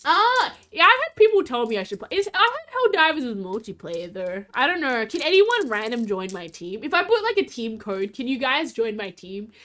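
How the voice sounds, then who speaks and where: A woman's voice: sits high, big pitch swings, normal speed, hardly any pauses, pushed and bright. A woman streamer, chatting casually and bubbly with her chat. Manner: bubbly, giggly, talks to chat.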